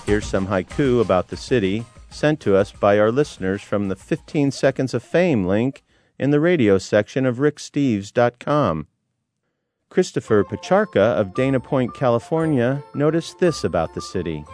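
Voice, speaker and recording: A man reading listener poems on the radio, reciting slowly and expressively. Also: mid-range voice, expressive, a little mellow, soft background music.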